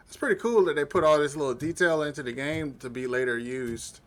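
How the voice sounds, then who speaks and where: A man's voice: fairly high pitch, a little fast. A man hosting a video game walkthrough, chatting casually in a laid-back, rambling way with lots of fillers. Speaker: gaming channel host. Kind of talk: casual gameplay commentary.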